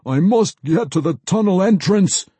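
A man's voice: high-pitched, expressive, moderate pace, warm tone, slightly rough, no room sound, voice pushed up. A man voicing a frantic male mage who slips into dog-like yelps, pleading and wailing dramatically. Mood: urgent.

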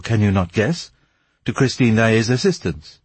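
A man's voice: lowish voice, big pitch swings, measured pace, slightly rough, no room sound, exaggerated voice. A man voicing an impetuous, anxious young nobleman who pleads urgently.

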